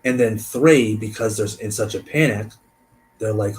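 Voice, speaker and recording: Casual low-voiced man reading a case. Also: measured pace, a little hiss or hum, poor audio. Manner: thinks aloud, trailing off and restarting. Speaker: host.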